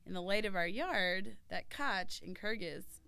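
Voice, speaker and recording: Over loud music, a former volunteer narrates her own story with earnest, scripted delivery, raising her voice to a shout for the quoted cries. She's a young woman with a mid-range voice, lively intonation, an unhurried pace, and some vocal fry.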